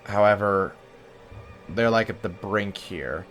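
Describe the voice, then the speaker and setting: Male gaming host, low voice, chatty and joking, soft game music underneath. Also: slow pace. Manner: chatty, joking, reads game text aloud. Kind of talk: let's play commentary.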